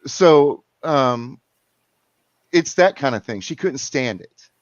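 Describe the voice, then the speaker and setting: A man's voice: medium pitch, animated, slow, no room sound. A man, calling in and telling a long story in casual chat, rambling with restarts and repeats. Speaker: caller. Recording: muffled lo-fi sound.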